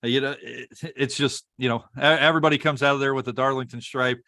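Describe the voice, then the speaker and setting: With a medium-pitched, fairly even voice that sounds pushed and bright, this fast-talking American co-host of a racing podcast reads chat comments from viewers and laughs readily. The recording is dry and of studio quality, and the talk is casual.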